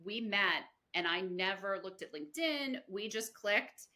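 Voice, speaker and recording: A podcast host with a mid-range, bright, forceful voice conducts a conversational interview at an unhurried pace. She is expressive, effusive, and rambling, leaning heavily on filler like "you know."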